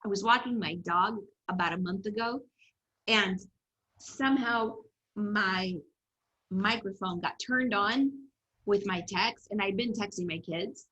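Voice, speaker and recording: Woman coach with a bright, ringing voice, animated storyteller on a video call. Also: mid-range voice, measured pace, low-quality recording. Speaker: development coach. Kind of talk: online class presentation.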